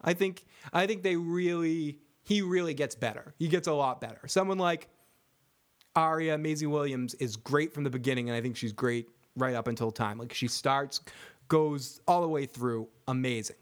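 A man with a slightly high voice speaks at a moderate pace, hosting a casual TV recap show. He rambles, jokes, swears, and laughs often while reading out chat comments like a podcast host.

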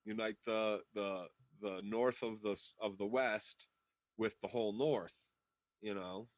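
A man co-hosting a casual TV recap podcast, explaining the story in a measured way. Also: lowish voice, fairly even intonation, no room sound. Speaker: podcast co-host. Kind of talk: casual chat. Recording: dry, slightly dull sound.

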